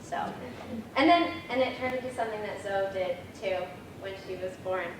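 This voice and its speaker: A woman's voice: medium pitch, normal speed. Young woman telling funny stories in an echoey hall. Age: 20s. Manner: chatty, laughing, storytelling with many fillers. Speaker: granddaughter giving a eulogy. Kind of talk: memorial speech with funny stories. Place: memorial service hall. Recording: echoey hall, distant mic, noisy room.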